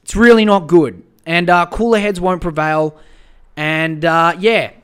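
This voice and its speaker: A man's voice: fairly high pitch, a little slow, fairly bright tone, smooth. A young Australian man hosting a podcast, ranting in a casual, profane and exasperated way, often repeating himself. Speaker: podcast host.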